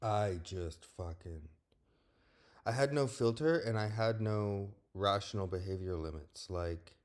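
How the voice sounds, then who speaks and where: A young man with a deep, low-pitched voice talks straight to the camera in a personal vlog. He is blunt and candid, and he swears freely. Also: measured pace. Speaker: vlogger. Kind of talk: personal monologue.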